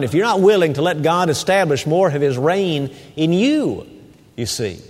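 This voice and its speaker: Male pastor, sermon, animated storytelling, long church reverb. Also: fairly high pitch, a little slow. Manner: animated storytelling, hushed soothing asides.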